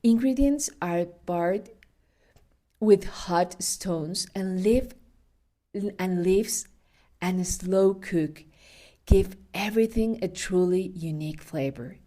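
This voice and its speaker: Slow, mellow-voiced woman podcast host. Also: fairly low pitch. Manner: unhurried, chatty storytelling with laughs and self-corrections. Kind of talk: casual food podcast with storytelling.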